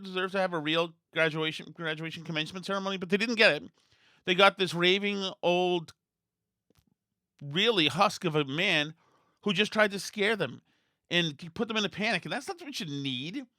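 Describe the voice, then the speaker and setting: A man's voice: sits high, bright, forceful tone, no echo, clean studio sound. A man hosting a political commentary podcast, ranting bluntly and scornfully with frequent restarts. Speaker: podcast host.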